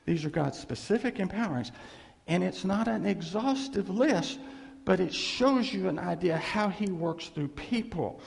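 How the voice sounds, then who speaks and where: A man's voice: high voice, lively intonation, a little slow, vocal fry, in a large hall. A man preaching a sermon, telling stories and drawing in the congregation with repeated questions and amens. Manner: storytelling with call-and-response asides. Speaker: pastor.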